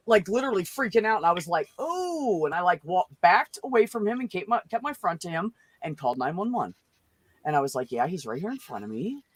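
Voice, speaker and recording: Profane, animated woman telling a story. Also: fairly low pitch, dry recording. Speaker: show host. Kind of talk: casual group chat.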